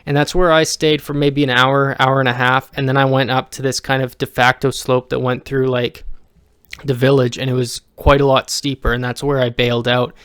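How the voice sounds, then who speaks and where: A young man talking casually in a rambling vlog, pausing often with ums and restarting his sentences. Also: medium pitch, level tone, fairly bright tone, clean tone, no room sound, clean studio sound. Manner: halting, many ums and restarts. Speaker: vlogger.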